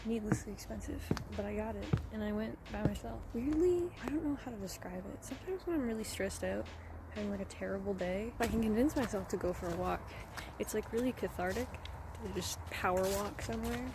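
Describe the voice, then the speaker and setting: A woman's voice: medium pitch, a little fast, noisy background. A woman chatting casually in a vlog, rambling and self-deprecating, often a bit out of breath. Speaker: vlogger. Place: at home crafting, later outdoors on a walk.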